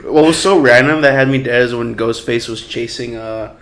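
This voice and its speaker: A man's voice: mid-range voice, moderate pace, a bit bright. A man co-hosting a casual movie review chat, laid-back and laughing while retelling scenes. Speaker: podcast co-host.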